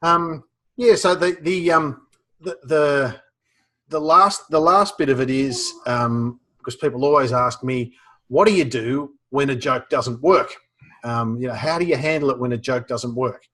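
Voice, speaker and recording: A man with an Australian accent giving casual advice on humor, relaxed, with many fillers and restarts. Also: mid-range voice, a little slow. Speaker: guest speaker on humor.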